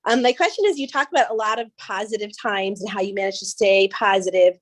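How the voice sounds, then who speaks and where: A woman's voice: mid-range voice, quick pace. A woman in an online group call politely asking the speaker a question, a little hesitant with restarts.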